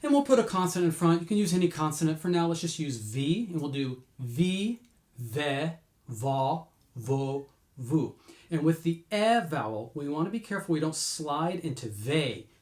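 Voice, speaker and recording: A man teaching singing warm-ups, explaining patiently between sung demonstrations. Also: very animated, a little fast, few pauses, reverberant. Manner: explains patiently, breaks into high sung demos. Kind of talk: vocal lesson with sung demonstrations.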